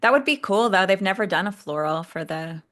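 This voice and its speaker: A woman originally from Texas, later raised in Utah, chats enthusiastically as a guest on a planner channel, where she's known as a sticker shop owner and planner creator. Her mid-range voice is expressive and fairly bright, moving fairly quickly, and she laughs often during the casual conversation.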